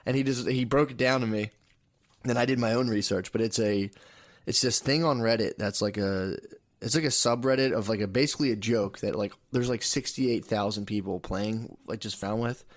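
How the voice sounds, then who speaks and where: A man's voice: fairly low pitch, moderate pace. A man co-hosting a casual comedy podcast, rambling through stories, laughing often and acting out voices in quotes. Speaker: podcast co-host. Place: podcast studio.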